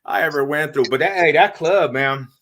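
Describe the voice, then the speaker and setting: Man, podcast host, bright forceful voice, slangy, animated storytelling. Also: on the high side, normal speed. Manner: animated, slangy, laughs while telling stories. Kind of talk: casual storytelling chat.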